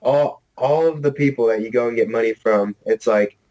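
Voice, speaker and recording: A man's voice: medium pitch, normal speed, mellow, poor audio. A man co-hosting a podcast in casual chat, laid-back, often answering with short agreeing replies. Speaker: podcast co-host.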